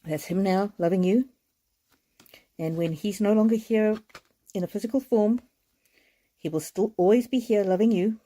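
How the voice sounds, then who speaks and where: Woman, oracle card reader, mellow tone, gentle, tearful, repeats herself softly. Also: mid-range voice, moderate pace, long pauses. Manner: gentle, repetitive, heartfelt. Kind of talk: live card reading.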